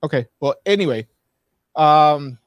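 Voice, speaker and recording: A man's voice: on the high side, lively intonation, measured pace, smooth, dry recording, muffled recording. A man co-hosting a live talk show, rambling casually through frank movie opinions with many restarts. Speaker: podcast co-host.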